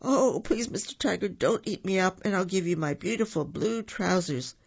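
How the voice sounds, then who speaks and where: A man voicing a small, frightened boy who pleads eagerly, in a storybook reading with a husky voice on a dull recording. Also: high-pitched, normal speed, exaggerated voice. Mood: pleading.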